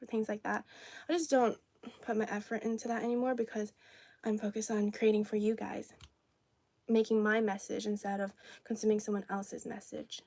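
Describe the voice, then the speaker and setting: A woman's voice: mid-range voice, darkish tone, no echo. A young woman from China, a native Cantonese speaker, chatting casually on a livestream and answering viewers' comments. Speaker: livestream host. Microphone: phone or camera on tripod.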